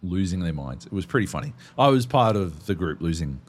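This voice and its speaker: Man with a lively, swearing ramble. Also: sits low, fairly quick. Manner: profane, rambling storyteller. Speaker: podcast co-host. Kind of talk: casual chat.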